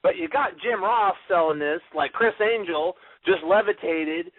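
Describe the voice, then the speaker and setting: Animated man on tinny radio audio. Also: high-pitched, a little slow, dry recording. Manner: animated, vivid storytelling. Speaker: podcast co-host. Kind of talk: casual wrestling talk.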